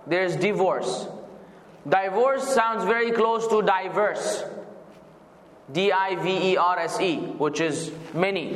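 A man teaching a weekly Quran commentary class, patiently explaining and spelling out words. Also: high voice. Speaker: religious teacher. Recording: echoey, reverberant hall.

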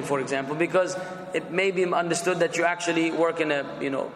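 Emphatic high-voiced male teacher, echoey room. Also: lively intonation, a bit bright. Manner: emphatic, drawn-out word contrasts, bursts of fervor. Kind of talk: classroom lecture on English for preaching. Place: lecture room. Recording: echoey room with long reverb.

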